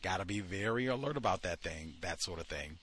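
A man's voice: sits low, lively intonation, a little fast, fairly bright tone, slightly rough. A man hosting a study session, reading passages aloud from a book and breaking off into heated commentary, with frequent fillers while he searches the text.

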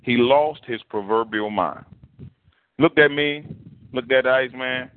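A man preaches a sermon, telling a story loosely and conversationally while animatedly acting out the quoted characters. His voice is mid-range and a little slow, and the recording is dry and tinny, like a phone.

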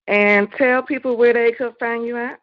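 A woman hosting a live poetry call-in show, encouraging and unhurried as she talks with callers. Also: fairly high pitch, fairly even intonation, no echo. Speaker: host of an online poetry show. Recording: dull, lo-fi online stream.

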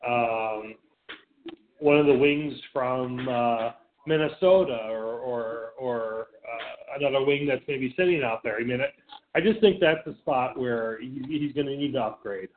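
A man co-hosts a casual sports radio chat, blunt and swearing freely, often stammering and restarting. His voice sits at an ordinary middle pitch. It comes through thin and narrow, like a phone line. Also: unhurried, slight background noise. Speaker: radio show co-host. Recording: phone-like lo-fi sound.

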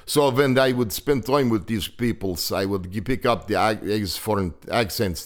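Deep-voiced man in his fifties, rambling storyteller, lots of uh's. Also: normal speed, hardly any pauses. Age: 50s. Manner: rambling, hesitant with fillers. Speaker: guest. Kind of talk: casual storytelling chat.

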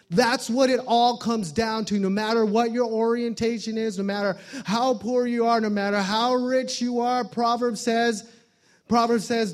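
A male pastor gives a relaxed, conversational sermon, stopping and restarting his sentences. His voice sits unusually high for a man. He mixes scripture with playful asides. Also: normal speed. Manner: conversational, joking, many fillers and restarts.

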